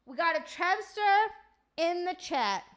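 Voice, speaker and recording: A woman's voice: extremely high pitch, big pitch swings, slow, fairly bright tone. A young woman streamer chatting casually, swearing freely and answering her live chat.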